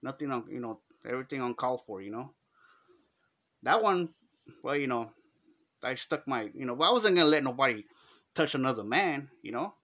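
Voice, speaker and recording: Animated and fairly quick, with frequent pauses, a middle-aged man speaks at medium pitch in a fairly bright tone. He tells a casual story in slangy Los Angeles Chicano English, voicing the quotes dramatically.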